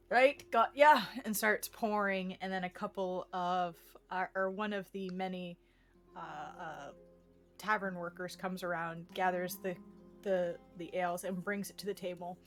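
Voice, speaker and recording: A woman running a tabletop game, narrating a tavern scene at an unhurried pace, leaning on frequent fillers and restarts. Her voice sits in a middling register. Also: medium pitch. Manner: halting, filler-heavy narration. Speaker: game master.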